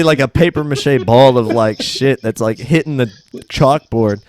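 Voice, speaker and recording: A man's voice: medium pitch, moderate pace, darkish tone, no room sound. A young man co-hosting a podcast in casual chat, retelling sketches animatedly in goofy voices and swearing freely. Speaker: podcast co-host.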